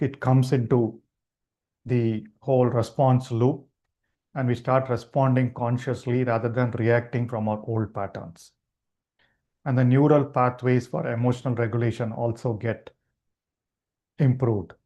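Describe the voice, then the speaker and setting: A man leading a live online meditation class, explaining gently and unhurriedly with frequent restarts. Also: mid-range voice, fairly even intonation, unhurried, lo-fi sound. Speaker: meditation teacher.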